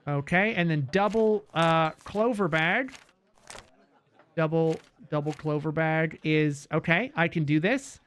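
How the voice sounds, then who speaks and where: Young male streamer, high and bouncy, unhurried delivery, casual swearing. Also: slight background noise. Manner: animated, swears, laughs often. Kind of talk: casual gameplay commentary.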